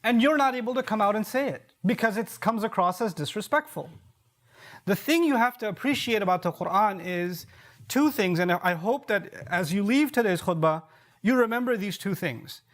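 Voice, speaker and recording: A man preacher giving a sermon, explaining verses through rhetorical questions and repeated key points, with quick Arabic recitation. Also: high voice, animated.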